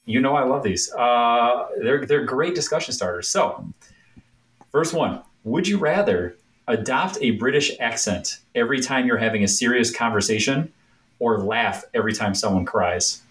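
A man's voice: medium pitch, expressive, moderate pace, fairly bright tone. Upbeat man leading a game segment. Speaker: podcast host. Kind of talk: casual chat.

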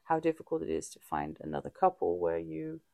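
A woman's voice: low voice, sing-song, vocal fry, mellow, dry recording, clean studio sound. A woman co-hosting a podcast, talking candidly and reflectively in casual chat, often restarting her sentences. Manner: halting, frequent restarts and fillers; open and reflective. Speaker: podcast co-host.

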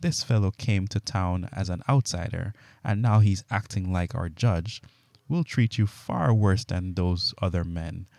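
A man's voice: low-pitched, measured pace, vocal fry, a little mellow, no room sound. A hostile mob, read by a man. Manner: hostile, threatening. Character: hostile male mob shouting.

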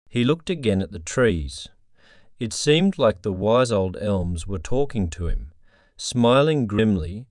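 Slow, solemn male storyteller. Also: on the low side, a little mellow, dry recording, clean studio sound. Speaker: narrator. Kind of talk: scripted story narration.

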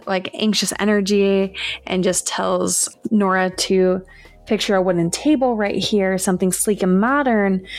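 A woman co-host talks through a novel's plot in a loose, chatty way, leaning on fillers. Her voice has a gravelly fry to it, and the recording is dry and close. Faint music sits under her. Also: medium pitch, no room sound. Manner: chatty recap full of fillers. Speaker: podcast co-host. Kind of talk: casual book-club chat.

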